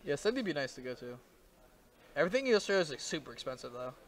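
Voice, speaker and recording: A man's voice: a little high, sing-song. A man doing casual, joking live-stream commentary on a card game match. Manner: joking, rapid banter with laughs.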